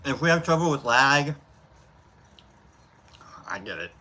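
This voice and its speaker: Bright-voiced man rambling while he eats. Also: medium pitch, very animated, unhurried. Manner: rambling, jokey storytelling; talking while eating. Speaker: live-stream host. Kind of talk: casual live-stream chat.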